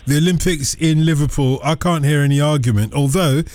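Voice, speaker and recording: A man's voice: on the high side, a little mellow. A man hosting a radio phone-in, chatting casually and joking with callers. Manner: jokey and chatty, quick asides.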